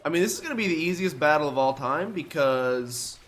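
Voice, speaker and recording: A young man commentating a game in a loose, rambling way, groggy and self-deprecating. His pitch is on the higher side and swings around a lot. Faint music plays under his talk. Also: animated, a little fast, a bit bright. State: groggy, just woke up. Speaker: let's play host. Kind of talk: casual gameplay commentary.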